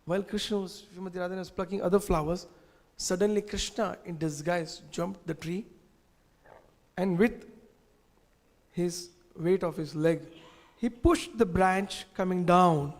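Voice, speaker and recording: Animated man telling stories in echoing hall. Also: high voice, a little slow, pauses often. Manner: animated, asks the audience questions, uses gestures. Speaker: teacher of scripture class. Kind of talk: storytelling scripture class. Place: temple hall. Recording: long reverb in a temple hall.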